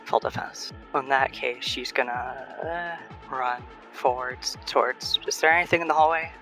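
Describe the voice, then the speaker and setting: A tabletop player with a gravelly, bright, tense-edged voice who talks his character through the action and eagerly checks details with the game master. Faint music sits behind him. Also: medium pitch, unhurried. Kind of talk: casual tabletop game play.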